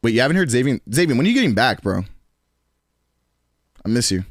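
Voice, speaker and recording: Twenties new york dude streaming, rambly and profane, mid pitch, dead dry mic. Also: male voice, big pitch swings, fast, no echo. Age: 20s. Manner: loose, profane, rambling with frequent laughs. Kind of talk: casual chat with stream chat.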